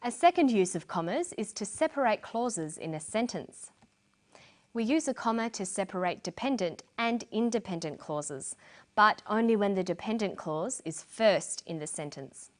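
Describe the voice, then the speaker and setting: A middle-aged woman presenting an English lesson in scripted narration, explaining clearly and deliberately. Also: medium pitch, expressive.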